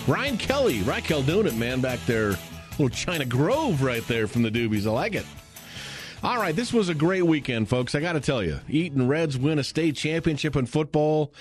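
A man's voice: on the high side, very animated, normal speed, soft background music. A man hosting live sports radio, chatty and enthusiastic, with many fillers. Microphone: studio microphone.

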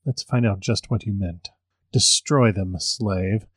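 A man's voice: on the low side, takes it slowly, breathy edge, no echo, clean studio sound. Man doing a reedy, contemptuous male witch. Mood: commanding.

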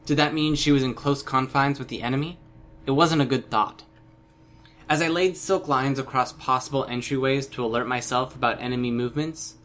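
A man reading a first-person novel aloud as an audiobook narrator, steady and measured. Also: medium pitch, a little hiss or hum.

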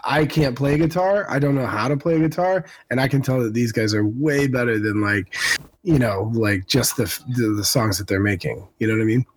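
A man's voice: mid-range voice, normal speed, husky, no room sound. A man co-hosting a podcast, chatting casually about music recommendations in an easygoing, slightly hesitant way. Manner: easygoing, hesitant, self-correcting. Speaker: podcast co-host. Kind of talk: casual chat.

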